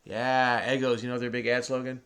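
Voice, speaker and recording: A man's voice: mid-range voice, level tone, brisk, fairly bright tone. A man hosting a crossword video, patiently and chattily explaining the clues to a child who does the typing. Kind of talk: casual explaining to a kid while solving.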